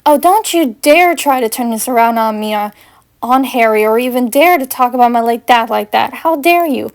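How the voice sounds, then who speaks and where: A woman's voice: fairly high pitch, normal speed, lightly acted. A woman reading the heated, accusing lines of an angry young witch confronting her boyfriend, as she reads fanfiction aloud. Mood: furious.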